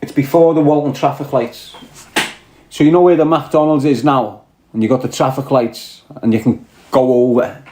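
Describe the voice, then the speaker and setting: A man's voice: medium pitch, steady tone, normal speed, mellow, a little hiss or hum. A man with a Scouse accent hosting a casual podcast chat, rambling and reading out viewer comments. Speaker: podcast host. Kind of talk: casual live-stream chat. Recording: echoey room.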